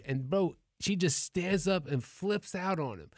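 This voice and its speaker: A male comedian spins a casual story, slangy and profane, full of animated asides. His voice sits a little high. The sound is dry and close, with no room echo. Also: unhurried.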